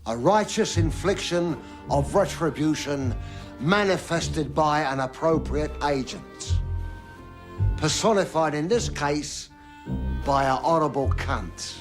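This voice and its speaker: An actor playing a cold, cruel gangster boss who speaks with slow, deliberate menace. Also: male voice, on the high side, soft background music. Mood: menacing.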